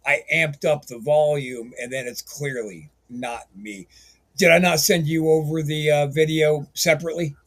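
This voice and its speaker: A man's voice: fairly high pitch, steady tone, normal speed. A man hosting a podcast, chatting casually and joking around, swearing loosely. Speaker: podcast host. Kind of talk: casual chat.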